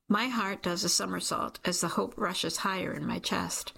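A woman's voice: lowish voice, steady tone, moderate pace, creaky, few pauses, sharp tone, husky. A woman narrating a first-person story in an intimate, emotional reading style. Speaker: audiobook narrator.

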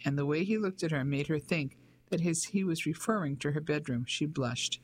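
A narrator reading a novel aloud in an even, measured way. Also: medium pitch. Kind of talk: audiobook narration.

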